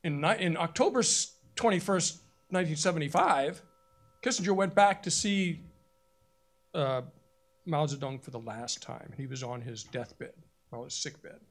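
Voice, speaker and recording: Creaky-voiced man with a cold. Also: fairly high pitch, moderate pace. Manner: storytelling, animated retelling of quotes. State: has a cold, coughing. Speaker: panelist. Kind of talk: conference panel talk.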